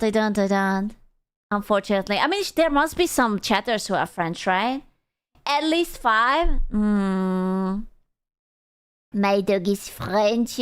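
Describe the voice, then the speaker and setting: A young woman chats on her livestream in a playful, teasing way and swears freely. Her voice sits high and comes through smooth and clean. She talks at an unhurried, relaxed pace. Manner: playful, teasing, swears casually, lots of laughing. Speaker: VTuber streamer. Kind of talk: casual livestream chat.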